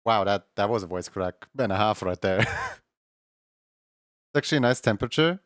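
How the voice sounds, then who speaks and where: A man's voice: lowish voice, expressive, brisk, fairly bright tone, clean tone, no echo, studio quality. A man hosting a live stream in casual chat, often stumbling over repeated words and laughing between thoughts.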